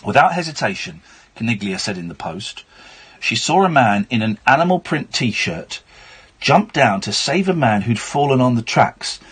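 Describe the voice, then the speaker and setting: Brief: male late-night radio host, husky, animated pitch, wry asides. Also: normal speed. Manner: chatty, wry, reading news aloud with asides. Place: radio studio.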